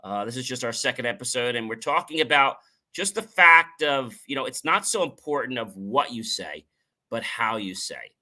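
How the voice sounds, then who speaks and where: Bright and forceful, this middle-aged motivational talk show host speaks at a moderate pace with plenty of animation. He hammers his points home by playing with stress and tone, then wraps up with an upbeat, sales-style pitch.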